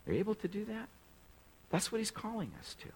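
A man's voice: high-pitched, very animated, fast, gravelly, darkish tone, slight background noise, rough recording. A male pastor preaching a sermon in a conversational way, often putting direct questions to the congregation.

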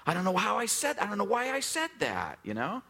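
A man in his forties, from the US West Coast, preaching a sermon in a relaxed, joking, story-driven way, with lots of fillers and acted-out quotes. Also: high voice, a little fast, vocal fry. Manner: conversational, jokey storytelling with many fillers; acts out quoted voices, drops to a hush for emphasis. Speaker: pastor.

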